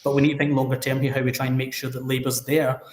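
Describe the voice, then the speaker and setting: A man with a Scottish accent, a city councillor speaking forcefully and with indignation in a political talk-show discussion. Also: medium pitch, little pitch movement, quick pace. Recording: roomy echo.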